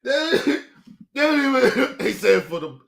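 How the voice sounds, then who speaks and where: A man's voice: extremely high pitch, sing-song, measured pace, vocal fry, a bit bright. A man streaming reaction commentary, laughing constantly and cursing as he mocks what he watches, crying with laughter. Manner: laughing constantly, profane, mocking; slangy casual speech, addresses viewers as people. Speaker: streamer reacting to news clips.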